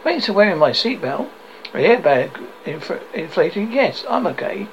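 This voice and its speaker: A man's voice: high voice, big pitch swings, normal speed, vocal fry, muffled recording, a little hiss or hum, full character voice. A man reading the lines of a worried young man who plays his troubles down, in a storybook reading. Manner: plays things down.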